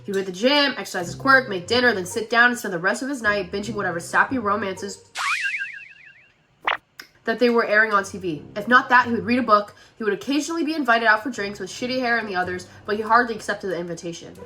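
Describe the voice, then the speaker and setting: A woman in her twenties, a streamer, reading fan fiction aloud and breaking off to react in an animated, exclaiming way. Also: mid-range voice, quick pace, faint music behind. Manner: animated, exclaiming between passages.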